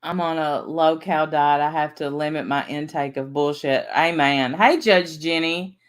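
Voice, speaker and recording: A woman with a low, steady voice hosts a casual livestream at a measured pace. She chats, reads out viewer names, and laughs at herself.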